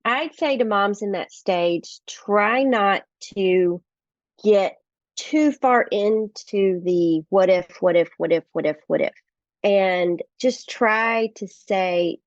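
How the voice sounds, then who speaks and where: A woman's voice: medium pitch, slow pace, no echo, muffled recording. A middle-aged woman, a guest author, telling family stories in earnest in a podcast interview and acting out the dialogue.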